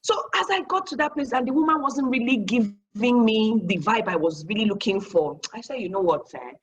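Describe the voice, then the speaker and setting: Woman, motivational storyteller, high-ish voice, dramatic delivery, light background hiss. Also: brisk. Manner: animated, acts out dialogue, preacher-like blessings. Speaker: guest speaker.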